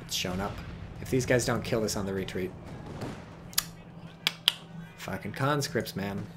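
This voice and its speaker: A man's voice: fairly low pitch, a little slow, over loud music. A man giving casual, rambling commentary on a strategy game, joking and swearing as he goes. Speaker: game caster.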